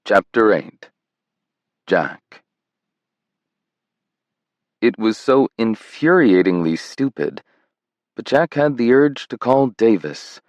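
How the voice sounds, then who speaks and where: A man reading a romance audiobook in a measured, tender scripted narration. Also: fairly low pitch, sing-song, no room sound.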